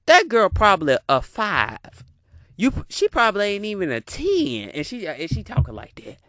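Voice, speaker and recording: A man's voice: high voice, huge pitch swings, moderate pace, pushed and bright, no echo, clean studio sound. A man giving a heated, profane reaction rant, repeating his punchlines. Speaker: commentator reacting to a video.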